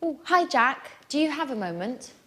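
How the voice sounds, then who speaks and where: A woman's voice: high voice, big pitch swings, normal speed, fairly bright tone, soft background music. A woman playing an eager young woman asking advice. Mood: friendly. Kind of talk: scripted dialogue for learners.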